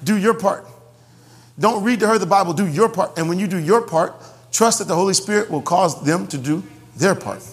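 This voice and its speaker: A man preaching a sermon to his congregation in an animated way, joking and repeating phrases for emphasis. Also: high voice, moderate pace. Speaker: pastor. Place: church sanctuary. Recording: long hall reverb.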